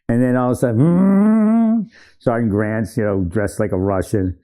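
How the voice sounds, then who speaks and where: A man's voice: lowish voice, mellow. A man casually telling old army training stories, rambling, correcting himself and laughing often. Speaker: military veteran storyteller. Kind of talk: casual storytelling.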